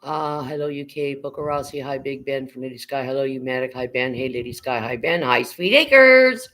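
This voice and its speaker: An older woman hosts a casual livestream from home, her very deep voice level in tone and brisk, on a rough recording. She rambles, reads viewers' comments aloud and swears casually.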